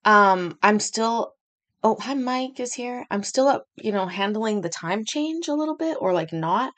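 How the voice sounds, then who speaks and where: A woman's voice: on the high side, lively intonation, unhurried, a bit bright. A woman hosting a casual livestream from home, chatty and rambling, with self-deprecating asides. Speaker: host.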